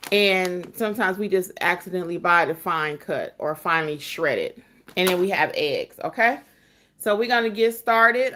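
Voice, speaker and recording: A woman's voice: mid-range voice, fairly bright tone, roomy sound, a little hiss or hum. A woman hosting a casual cooking vlog at home, chatting to viewers as she shows her ingredients. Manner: chatty, addresses viewers as y'all. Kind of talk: casual cooking demo chat. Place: home kitchen.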